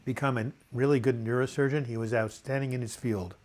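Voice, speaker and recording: An older man with a dry cough hosts a relaxed live video chat. He has a mid-pitched voice and reads viewers' comments aloud as they come in. He breaks off into corny jokes between them. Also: a little fast, slight background noise.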